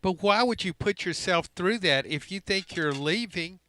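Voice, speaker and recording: A man on sports talk radio making quick, firm points. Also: sits high, expressive, pushed and bright, no room sound.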